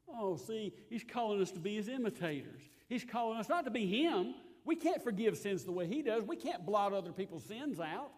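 A man preaching a sermon in an earnest way, rising to loud emphasis and dropping to soft asides. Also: high-pitched, animated, moderate pace. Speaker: pastor.

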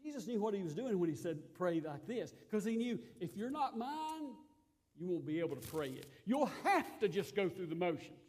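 A man preaching a sermon, emphatic and given to repeating his phrases, dropping to quiet asides and then rising again. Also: high voice, very animated, normal speed, husky.

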